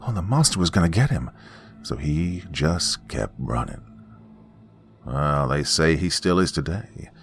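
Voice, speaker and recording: A man's voice: very deep voice, a bit bright. A man narrating a horror story in a folksy, dramatic campfire style, dropping to whispers for suspense.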